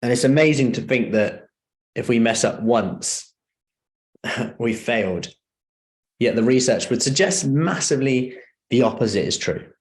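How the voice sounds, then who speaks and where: A man's voice: medium pitch, animated, measured pace, long pauses. A man leading a live seminar as a personal trainer, talking conversationally and often asking the audience questions.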